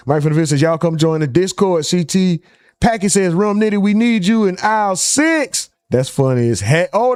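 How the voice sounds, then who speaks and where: A man's voice: on the high side, darkish tone, clear, resonant tone, no echo, clean studio sound. A man hosting a live stream, casually reading out chat comments and joking with viewers. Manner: loose, joking, reads chat names aloud.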